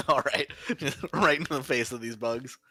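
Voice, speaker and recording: A man's voice: mid-range voice, measured pace, sharp tone, dry recording, faint music behind. A man acting as game master, narrating a tabletop game in an easygoing way and chuckling often as he makes rulings. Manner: chuckling, easygoing rules calls.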